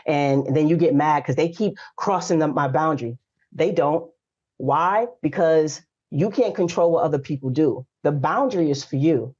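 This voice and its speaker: A woman's voice: low voice, moderate pace. A woman in her forties, a guest coach on a podcast, telling stories in a frank and emphatic way. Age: 40s. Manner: lively storytelling, frank and emphatic. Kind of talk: casual podcast conversation. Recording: slightly dull lo-fi audio.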